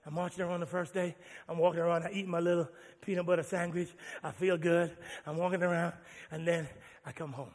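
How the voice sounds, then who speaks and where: A man pastor preaching a sermon with animated, playful storytelling in a church. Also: a little high, fairly quick, long reverb tail.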